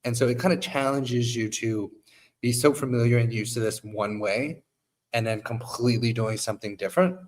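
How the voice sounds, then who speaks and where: A man's voice: medium pitch, normal speed. Man talking shop with a worn voice. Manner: animated, acts out quotes of clients. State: losing his voice, coughing. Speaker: modeling agency owner. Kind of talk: casual podcast conversation.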